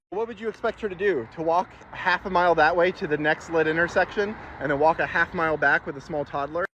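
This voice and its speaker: A man's voice: on the high side, pushed and bright, slight background noise. A man in matter-of-fact, explanatory, scripted narration about street design.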